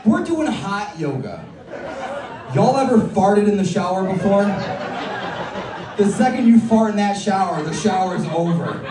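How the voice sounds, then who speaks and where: A man's voice: sits high, expressive, measured pace, long pauses, background noise. A man performing a stand-up comedy set, brash and crude, teasing the crowd in a comedy club. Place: comedy club stage with live audience. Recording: roomy club sound from a distant mic. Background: audience laughter.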